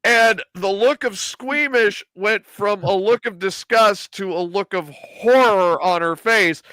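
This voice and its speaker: A man's voice: sits high, takes it slowly, sharp tone, smooth, dry recording. A middle-aged man hosting a casual chat, telling a story and acting out the quotes. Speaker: podcast host telling a story.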